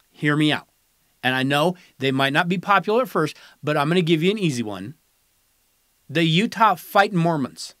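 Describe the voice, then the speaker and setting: A man's voice: fairly high pitch, fairly bright tone, dry recording, clean studio sound. A man hosting a podcast, giving casual, sarcastic and dismissive opinion commentary. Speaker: podcast host.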